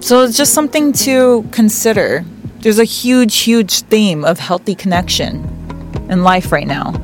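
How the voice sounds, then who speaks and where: Woman host for a spiritual reading show: slow and gentle, earnest, leans on repeated words, with faint music behind. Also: medium pitch, expressive. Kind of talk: reflective spiritual advice talk.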